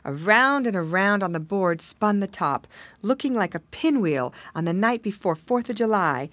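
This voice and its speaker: A woman narrating a children's storybook in a playful, expressive manner. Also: on the low side, no room sound. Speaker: audiobook reader.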